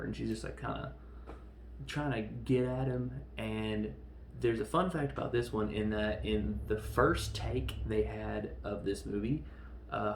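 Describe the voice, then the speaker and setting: A man with a gravelly, creaky voice recaps a film in a loose, chatty way, briefly acting out lines of dialogue as he talks. He sounds like he is recording in a roomy, echoey space with a faint hum of ambience behind him. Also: lowish voice. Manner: animated retelling with quick acted-out quotes. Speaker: podcast host reviewing films.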